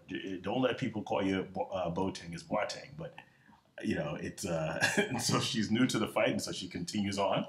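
Deep-voiced man speaking softly, halting. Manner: halting, soft-spoken, many fillers, gentle humor. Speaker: orthopaedic surgeon and associate professor. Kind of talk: panel discussion. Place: symposium lecture hall. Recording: echoey conference hall on a mic.

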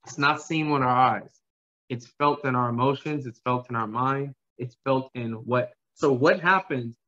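A man's voice: medium pitch, measured pace, bright, forceful tone. A man preaching a sermon with passion, repeating phrases and asking his congregation to answer back. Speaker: pastor. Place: church. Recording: dull lo-fi sound.

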